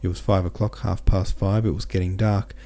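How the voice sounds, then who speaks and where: A male podcast host reads a classic novel aloud. His voice is low and mellow. His delivery is steady, with small self-corrections along the way. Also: fairly quick. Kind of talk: audiobook narration.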